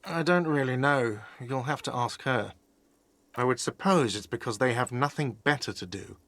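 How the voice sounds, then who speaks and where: A man's voice: medium pitch, normal speed, fairly bright tone, dry recording, close to an everyday voice. An actor playing an irritable, defensive male cafeteria manager in a video game, curt and exasperated. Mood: grudging.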